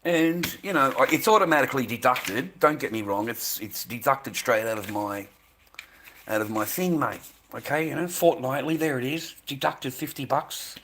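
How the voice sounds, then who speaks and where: A man's voice: medium pitch, moderate pace, a bit bright, a little hiss or hum. Profane ranting Australian man. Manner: angry, profane, repeats himself, stumbles over words. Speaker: vlogger. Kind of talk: ranting monologue to camera.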